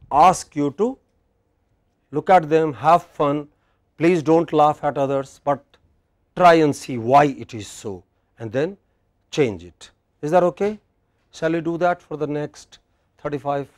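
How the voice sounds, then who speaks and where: A man's voice: a little high, a little mellow. A man with an Indian English accent giving a classroom lecture on pronunciation, patiently asking his students questions and modelling words for them. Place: university classroom.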